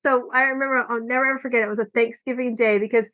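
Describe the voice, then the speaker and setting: A woman hosting a podcast, chatting casually and telling animated stories, acting out quoted lines, recorded with muffled lo-fi audio. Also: a little high, racing. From California. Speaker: podcast host. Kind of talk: casual conversation. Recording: dull lo-fi audio.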